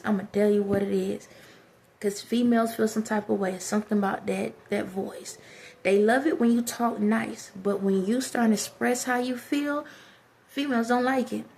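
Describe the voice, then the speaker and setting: A woman with a medium-pitched, slightly mellow voice and vocal fry talks straight to camera, giving life advice. She is direct and preachy, calling her viewers y'all, with slight background noise.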